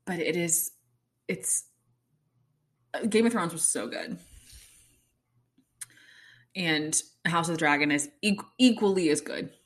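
A young woman chatting casually to her viewers, gushing and excitable, with lots of "like"s and sudden squeals of excitement. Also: fairly low pitch, takes it slowly, pauses often. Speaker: vlogger. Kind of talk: casual chat to camera.

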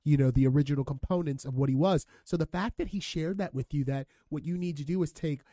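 A male podcast host chatting casually, cheering his guest on in an upbeat, talkative way. His voice sits a little high for a man, and the recording is dry and close. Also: fast talker, dark tone, dry recording. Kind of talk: casual interview chat.

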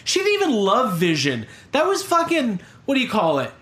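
A co-host banters through a movie review, throwing in crude jokes. The voice sits at a middle pitch and rings a little in an echoey room. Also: wildly swooping pitch, moderate pace, fairly bright tone. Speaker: podcast co-host. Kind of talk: casual movie review chat.

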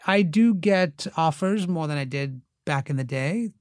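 Cercasi uomo ospite, narratore vivace con voce medio-alta e suono asciutto, ravvicinato. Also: male voice, a little high, a little slow, no echo, studio quality. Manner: animated, acts out quotes in raised voices. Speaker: actor and writer, guest. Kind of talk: casual storytelling.

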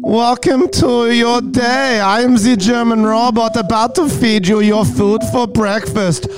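A man voicing a stiff, formal male German robot butler, rapping slowly and stiltedly over a hip hop beat. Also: extremely high pitch, steady tone, music in the background, pitched above the performer's own voice.

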